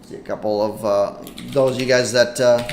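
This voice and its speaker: A man hosting a live stream in casual commentary, chatty and excitable as he reacts to a game. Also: medium pitch, moderate pace. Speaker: livestream host. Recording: echoey room with faint noise.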